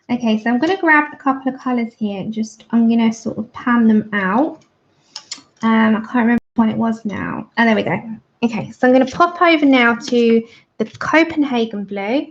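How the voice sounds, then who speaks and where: Woman in her 30s, giggly chat while she colours, highish voice with some fry, muffled stream sound. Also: normal speed. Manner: chatty, giggly, reads out viewer comments. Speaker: livestream host colouring with viewers. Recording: dull lo-fi livestream audio.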